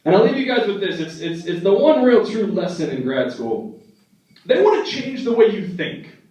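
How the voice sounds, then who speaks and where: Animated young man doing stand-up. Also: sits high, recorded from a distance. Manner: animated storytelling, acting out family members in quick voices. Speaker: stand-up comedian. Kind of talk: stand-up comedy set. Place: comedy club stage. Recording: echoey, dull club recording from the back.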